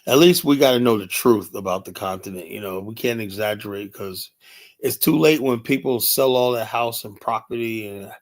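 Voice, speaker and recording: An older man hosts a livestream, reading chat and talking casually in a rambling, blunt way. He swears often and leans heavily on "you know." His voice is on the low side at normal speed.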